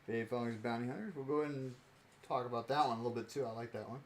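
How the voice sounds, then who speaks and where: A man's voice: mid-range voice, fast. A young man streaming, chatting casually and joking as he sorts cards, laughing often and playing with mock accents. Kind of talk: casual stream chat while sorting cards.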